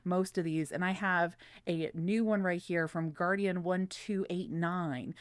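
A woman co-hosting a podcast in casual chat, chatty and upbeat and quick to laugh. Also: on the low side, steady tone, no room sound. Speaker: podcast co-host.

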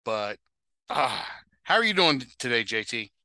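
A man's voice: mid-range voice, very animated, a little slow, bright, forceful tone, dry recording. A man hosting a casual sports podcast, rambling and correcting himself as he goes. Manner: rambling, self-correcting, chuckles. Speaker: podcast host. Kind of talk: casual interview chat.

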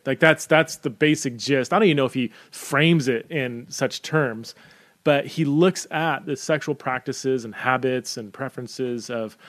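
A man talking casually through book recommendations, halting often with fillers and restarts. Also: medium pitch. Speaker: book reviewer.

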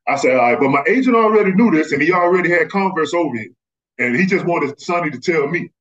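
A man from Texas, a former basketball player, telling animated stories as a podcast guest and acting out the people he quotes. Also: fairly high pitch, fast talker. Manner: animated, acts out quoted voices. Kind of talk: casual storytelling. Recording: slightly muffled lo-fi audio.

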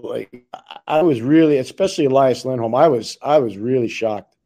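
A man's voice: medium pitch, normal speed, dark tone. A man co-hosting a podcast, talking emphatically and repeating words for stress. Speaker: podcast co-host. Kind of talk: casual podcast chat.

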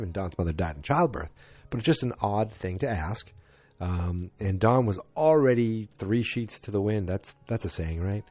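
A man's voice: lowish voice, lively intonation, moderate pace, a little mellow, no echo, faint music behind. A man recapping a TV episode in casual chat, rambling with lots of fillers and voicing the characters, close on a dry mic. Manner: rambling, with many fillers and quoted voices. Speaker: show recapper.

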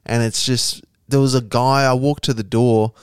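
A man's voice: medium pitch, fairly even intonation, moderate pace, clean tone, dry recording, studio quality. A young Australian man co-hosting a podcast, telling stories in loose, sweary casual chat. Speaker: podcast co-host.

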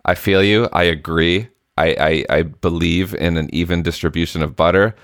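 Male podcast co-host, very deep voice, earnest and self-deprecating, dry studio sound. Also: fairly even intonation, moderate pace, fairly bright tone, clear, resonant tone, dry recording. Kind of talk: casual chat.

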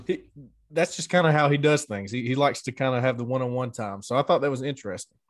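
A man's voice: mid-range voice, quick pace, dry recording. Easygoing man on a dry mic. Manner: easygoing, laughs, short agreeing replies. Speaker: co-host. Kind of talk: casual sports recruiting chat.

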